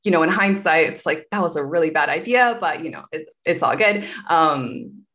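A woman's voice: low-pitched, lively intonation, normal speed, a bit bright. A woman guest telling a personal story in conversation, candid and meandering, with many asides.

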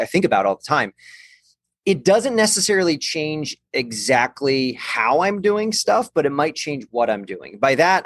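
A man's voice: mid-range voice, dry recording. A man, a guest expert, giving a conversational explanation of balance and the brain, thoughtful, with many restarts.

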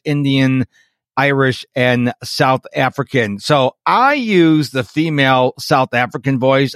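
A man's voice: on the high side, no room sound, clean studio sound. A man co-hosting a casual tech podcast, chatty and playful as he jumps between topics. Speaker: podcast co-host.

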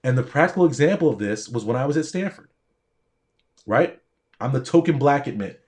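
A man's voice: medium pitch, lively intonation, a little fast, darkish tone. Emphatic man giving a motivational talk. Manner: emphatic, preaching cadence with repetition. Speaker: doctor and pre-med coach. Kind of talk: motivational speech to camera.

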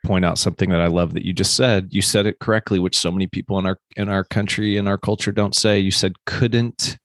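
Middle-aged man co-host, very low pitch, dry sound, animated storytelling. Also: fast, dry recording. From United States. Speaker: podcast co-host. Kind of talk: casual chat.

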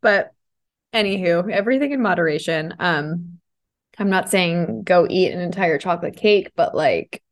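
A woman's voice: on the low side, normal speed. Candid, swearing woman podcast host. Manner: candid, swears freely, laughs often. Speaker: podcast host and self-love coach. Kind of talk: casual confessional podcast monologue. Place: podcast room in a co-working space.

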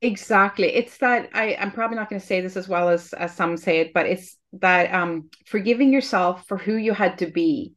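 A woman's voice: medium pitch, normal speed, few pauses. A woman hosting a podcast interview, talking in an earnest, reflective way with frequent restarts. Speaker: podcast host. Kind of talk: heartfelt conversational interview.

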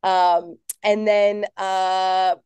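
In a casual office interview, a Tennessee political organizer in her thirties tells her story as a guest, earnest and animated and full of fillers. Her mid-range voice moves very slowly, and the tone is clean with no room sound.

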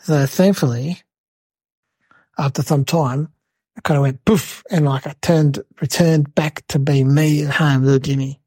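A woman's voice: deep voice, fairly even intonation, measured pace, warm tone, breathy edge, dry recording. A woman voicing a cheeky little boy, telling a silly story to the camera in a rambling, chatty way full of fillers.

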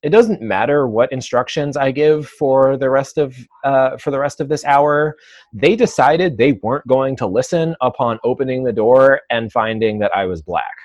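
A male dog trainer talks through his experiences as an interview guest. He takes his time and fills gaps with soft hesitations. The recording is dry and close, with almost no room sound. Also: medium pitch, dry recording, muffled recording. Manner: thoughtful, measured, many "um" and "uh" pauses. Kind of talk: conversational interview.

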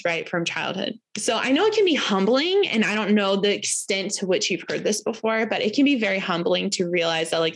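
A woman in her thirties giving a casual spoken lesson as a course teacher, chatty, full of fillers and tag questions, acting out quoted voices. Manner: acts out quoted voices with rising pitch.

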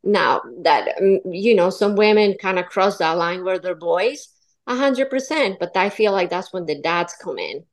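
A woman's voice: fairly low pitch, moderate pace. A young adult woman from Colombia, a podcast guest, chatting casually and animatedly about dating. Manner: chatty, animated, acts out quoted voices. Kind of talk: casual interview chat.

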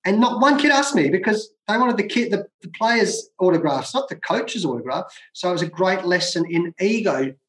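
A man's voice: sits high, lively intonation, moderate pace, hardly any pauses, a bit bright. A middle-aged Australian man telling stories as an interview guest, emphatic and given to repeating phrases for effect. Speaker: guest, former cricketer. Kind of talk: conversational storytelling. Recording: roomy echo.

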